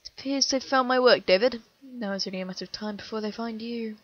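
A woman voicing a cold, playful male serial killer in a spoken horror story, calm and mocking. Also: a little high, fast, dry recording, muffled recording, natural voice.

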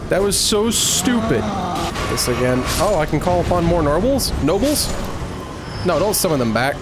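A man giving let's play commentary, exasperated and shouting at enemies on screen. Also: on the high side, big pitch swings, moderate pace. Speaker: gaming video host. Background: game music.

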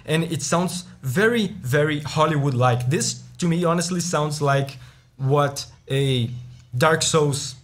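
A man's voice: on the high side, slow, a bit bright. A man hosting a music reaction video, casually explaining rhythm and chords while counting beats aloud. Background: game music playing.

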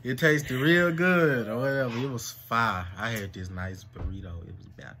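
A young man co-hosting a casual storytime, relaxed and playfully teasing his partner. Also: medium pitch, normal speed, noisy background. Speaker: co-host telling a couple's story.

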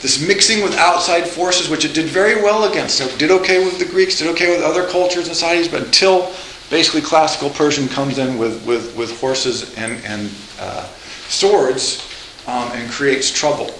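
A man lecturing a college class live, lively and joking, with asides and frequent restarts. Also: a little high, moderate pace, a little hiss or hum. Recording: echoey lecture room.

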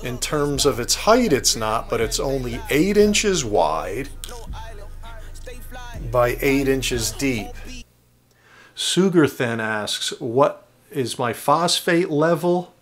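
A man's voice: medium pitch, big pitch swings, takes it slowly, soft background music. Chatty man hosting a reef vlog. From New Jersey. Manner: chatty, talks straight to viewers as "guys". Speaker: reef tank hobby video host. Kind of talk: casual chat answering viewer questions. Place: home reef tank studio, indoors.

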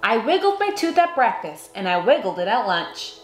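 Woman reading a kids book aloud, lively sing-song voice, echoey room, faint music behind. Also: fairly high pitch, moderate pace. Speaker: children's book reader. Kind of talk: read-aloud storytelling.

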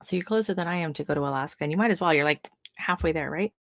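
A woman's voice: low voice, very fast, creaky, fairly bright tone, no echo. Woman from Oregon, gardening stream host, casual and chatty, exclaims a lot; dry close-mic sound. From Oregon, US West Coast. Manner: chatty, lots of ums and restarts, exclaims often. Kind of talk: casual live-stream chat reading viewer comments.

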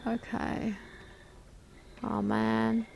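Gravelly-voiced woman playing a horror game. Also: fairly high pitch, completely flat delivery, very slow, darkish tone, slight background noise. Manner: frantic urging, swearing, muttering to herself. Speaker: gaming video host.

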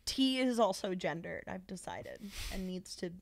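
A woman's voice: lowish voice, very animated, creaky, slight background noise. A young woman co-hosting a podcast, teasing and joking in casual chat. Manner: teasing, quick with jokes. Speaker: podcast co-host.

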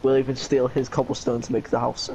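A man's voice: mid-range voice, monotone, a little fast, highs cut off, very noisy. A young man, teasing and plotting with friends during a game. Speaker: gamer. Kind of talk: casual gaming banter.

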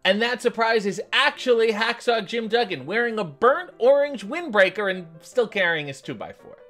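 A man hosts a comedic recap, his pitch leaping up and down as he delivers sarcastic asides and casual swearing. Faint music plays softly behind him. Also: expressive, moderate pace. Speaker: host.

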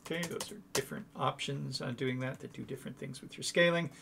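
A man's voice: mid-range voice, quick pace, creaky, background noise. A man casually walking through code on a screen share, chatty and thinking aloud as he corrects himself. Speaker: coding tutorial host.

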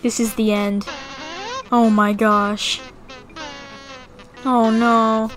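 A woman giving playful, excitable let's-play commentary as she plays, often breaking into shrieks and giggles. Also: fairly high pitch, drawn-out words, faint music behind, low-quality recording. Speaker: gaming YouTuber.

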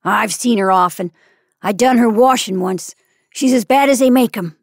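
A woman voicing a spiteful old washerwoman from the slums, sneering, shrill and loud. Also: moderate pace, no echo, clean studio sound. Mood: scornful. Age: older.

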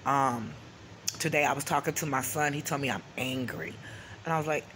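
A woman's voice: deep voice, animated, moderate pace, fairly bright tone, a little hiss or hum. A middle-aged woman hosting her own vlog, talking bluntly and angrily with lots of swearing, often checking in with "okay?". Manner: blunt, profane, keeps asking "okay?"; vents anger openly. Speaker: channel host. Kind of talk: casual vlog talk to camera.

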